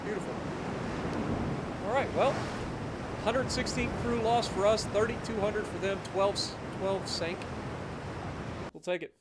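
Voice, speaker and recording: A man giving casual, animated live commentary as he plays a strategy game, ranting now and then in mock outrage. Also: high-pitched, unhurried, pauses often, very noisy. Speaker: gaming streamer.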